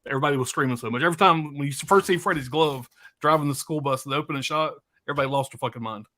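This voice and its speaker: A man's voice: a little high, racing, bright, forceful tone. A man co-hosting a casual movie stream, talking enthusiastically with profanity and hesitant fillers. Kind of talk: casual live-stream chat.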